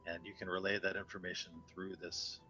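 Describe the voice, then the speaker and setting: A man narrating a tabletop game as game master, unhurried and full of fillers. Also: low voice, level tone, sharp tone, highs cut off, soft background music.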